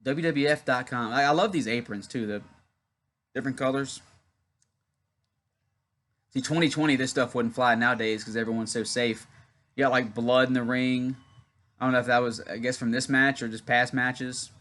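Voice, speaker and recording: A man's voice: medium pitch, fairly even intonation, normal speed, pauses often, a bit bright. A young man from Louisiana hosting a casual wrestling watch-along, rambling and chatty as he tells a story between comments on the match. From Louisiana, USA. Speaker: YouTube wrestling channel host.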